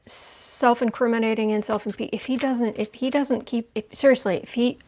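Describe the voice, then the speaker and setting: A woman with a somewhat high voice hosts a livestream tarot reading. She talks through each card as she turns it over, thinking aloud in a loose, conversational way. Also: steady tone, normal speed, a little mellow, a little hiss or hum. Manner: thinks aloud while turning cards, conversational. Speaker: tarot reader.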